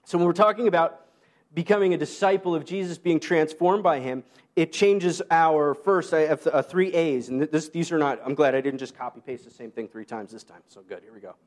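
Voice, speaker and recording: High-voiced man preaching conversationally. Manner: conversational, self-deprecating asides and quick laughs; rises high when quoting Paul. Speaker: pastor. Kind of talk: sermon.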